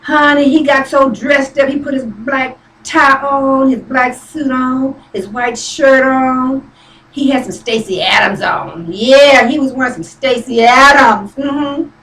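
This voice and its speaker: A woman's voice: sits high, slow, fairly bright tone, slight background noise. Give me a sassy, folksy woman telling a comic story, heard from a distance in a roomy space. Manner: sassy and folksy, calls listeners honey. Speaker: comedian.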